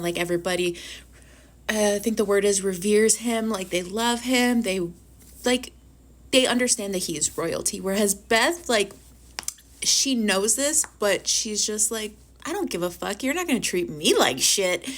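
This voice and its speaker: A woman in a casual review vlog, ranting animatedly and swearing freely. Her voice sits at a middle pitch, and her speech is loose, full of "like" and quick asides. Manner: filler-heavy with frequent "like". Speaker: book reviewer.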